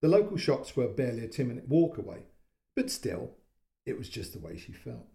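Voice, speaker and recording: A male storyteller narrating a short fiction piece, calm and measured. His voice is mellow and warm, with a soft, dark edge. He sits at a middle pitch and eases the tale along. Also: creaky. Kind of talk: audiobook-style story narration.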